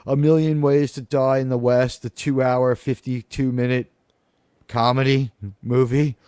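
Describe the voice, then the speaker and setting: A man's voice: mid-range voice, little pitch movement, unhurried, a little mellow, smooth, dry recording, studio quality. A man hosting a casual podcast panel, talking in a rambling, sarcastic way with mocking asides. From United States.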